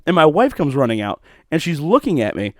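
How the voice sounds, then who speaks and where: A young man hosting a podcast from home, telling stories in a profane, animated way with bursts of laughter. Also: on the high side, brisk, no room sound, studio quality. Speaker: podcast host. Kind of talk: solo podcast monologue.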